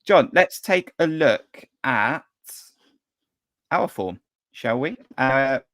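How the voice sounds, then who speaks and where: A man's voice: mid-range voice, lively intonation, fairly bright tone, no echo, clean studio sound. A man hosting a live football fan show, reading out viewer comments and teasing his co-host. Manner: teasing and brisk. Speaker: podcast host.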